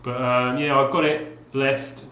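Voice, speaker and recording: A man's voice: mid-range voice, little pitch movement, unhurried, pushed and bright. Rambling man in an echoey room. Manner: rambling, with many fillers and restarts. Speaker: retro game collector vlogger. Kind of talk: casual video talk. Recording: roomy echo, faint background hum.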